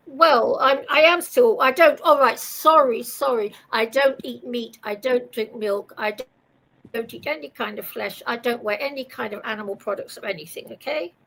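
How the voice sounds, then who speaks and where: A high-pitched older woman, Dutch by birth, with a London accent. She is a guest in a heated live-stream debate and talks haltingly and defensively, restarting her sentences often. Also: creaky, a bit bright, a little hiss or hum, poor audio. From Netherlands. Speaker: panel guest.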